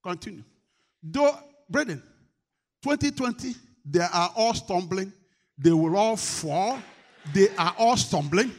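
A man preaching a sermon to his church, moving between loud, shouted declarations and quieter call-and-response where he prompts the congregation to answer. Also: expressive, slow, long pauses. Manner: swings from shouted exhortation to low coaxing call-and-response.

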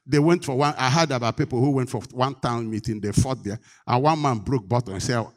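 A pastor delivers a sermon emphatically, fairly quickly and with few pauses. He poses call-and-response questions to the congregation, and his pitch and volume rise in bursts.

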